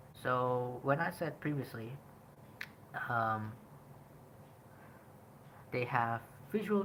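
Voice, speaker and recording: A young man from Indonesia with an Indonesian accent, talking casually about a game in a rambling way, often pausing on "um" and "like". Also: medium pitch, slight background noise, low-quality recording. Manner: rambling, frequent "like" and "um", animated emphasis. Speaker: podcast host. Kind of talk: casual game review talk.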